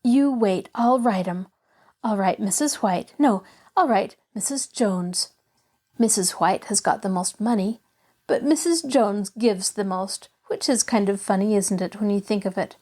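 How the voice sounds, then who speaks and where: A woman's voice: medium pitch, unhurried, dark tone, natural voice. A woman reading a storybook aloud, voicing an eager, cheerful little girl who chatters on.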